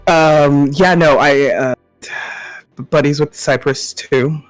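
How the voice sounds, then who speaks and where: Low, slow-talking woman player. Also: fairly even intonation, dry recording, faint music behind. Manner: slow, halting.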